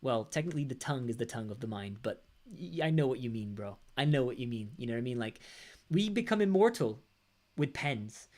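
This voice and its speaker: A young man, a rock band's lead singer, casually chatting on a livestream, reflective and a little rambling as he talks through his lyrics and reads comments. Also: on the high side. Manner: reflective, rambling, with bursts of sung lines.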